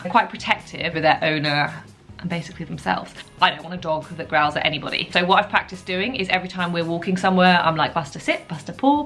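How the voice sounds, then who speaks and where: A young woman talks through her vlog in a loose, chatty way, full of little asides. Her voice sits a touch low for a woman. Faint music plays softly behind her. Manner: chatty and relaxed, with many asides. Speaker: vlogger. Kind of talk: casual chat.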